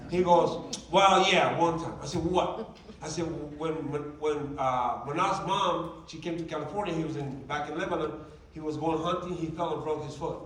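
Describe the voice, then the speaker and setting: In a large meeting room, a motivational speaker shares stories with a group and plays out the quoted dialogue with animation. His fairly high voice moves at a moderate pace, recorded from afar in an echoey hall with slight background noise.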